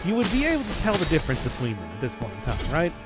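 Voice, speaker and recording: Casting: Midwestern guy streaming a game, rambly and self-deprecating, lively pitch, music bed. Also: very fast. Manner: rambling, self-mocking, lots of fillers and restarts. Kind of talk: casual game commentary. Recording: music playing behind.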